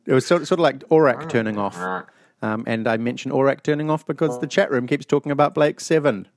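Profane, animated New man, gravelly. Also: medium pitch, fast. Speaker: podcast host. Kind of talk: casual chat. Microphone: online call mic.

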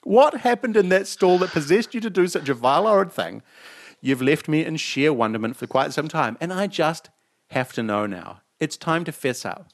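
Animated man hosting a comedic talk show. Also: a little high, normal speed. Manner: animated, laughing, mock-outraged. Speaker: show host. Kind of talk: casual comedic chat and news reading.

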